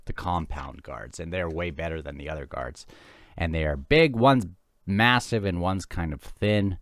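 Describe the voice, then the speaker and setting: A man's voice: low-pitched, moderate pace, dry recording, clean studio sound. A man hosting a casual chapter discussion of a novel, talking in a chatty, rambling way with frequent restarts. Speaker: book discussion host.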